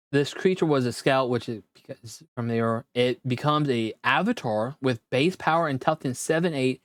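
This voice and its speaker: Man opening card packs in his room, reads text slowly and stumbles, dry close sound. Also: medium pitch, dry recording. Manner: reads card text aloud haltingly, with quick reactions. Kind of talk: casual card-pack opening commentary. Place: own room at home.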